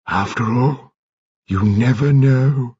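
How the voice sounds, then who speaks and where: A man reading an audiobook voices a dying elderly aristocrat who speaks faintly and haltingly. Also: medium pitch, darkish tone, husky, no echo, dull audio, pitched above the performer's own voice.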